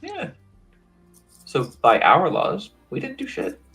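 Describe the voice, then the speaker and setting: A man's voice: high voice, huge pitch swings, takes it slowly, bright, forceful tone, soft background music. A man taking part in a tabletop game, chatting casually and wryly in character. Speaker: player.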